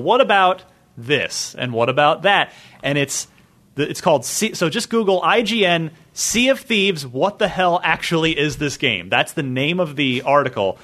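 A man hosting a casual chat show, talking in an animated, chatty way with loose restarts. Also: fairly high pitch. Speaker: podcast host.

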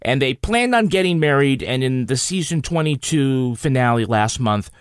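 A man hosting a casual chat, joking and slipping into quick mock voices as he recaps a TV show. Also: mid-range voice, expressive, smooth, dry recording, clean studio sound. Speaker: podcast host.

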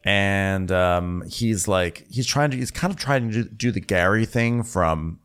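A man's voice: fairly low pitch, a little slow, fairly bright tone, smooth. A man co-hosting a podcast, recapping a reality show in casual, jokey chat. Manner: chatty, jokey, puts on mock voices for comic bits. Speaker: podcast co-host.

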